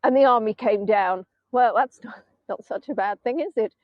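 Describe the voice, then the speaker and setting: Speaking at a normal pace with a fairly high voice, a middle-aged Englishwoman gives a casual live virtual tour from the seaside dunes. She banters with viewers, jokes at her own expense and bursts into snippets of song. There is no room sound, and the phone-stream audio comes across dull and dry.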